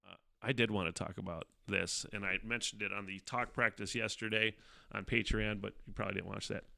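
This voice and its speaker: A man's voice: on the low side, steady tone, brisk, vocal fry, pushed and bright, no echo, studio quality. A man hosting his own podcast, chatting casually and profanely, laughing often as he tells a story. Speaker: podcast host. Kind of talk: casual solo chat.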